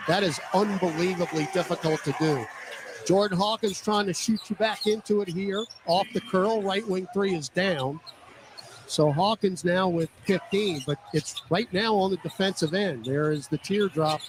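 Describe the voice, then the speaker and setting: A man doing radio play-by-play for a basketball game, calling each play in quick clipped bursts. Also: high-pitched. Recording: noisy radio broadcast with arena ambience.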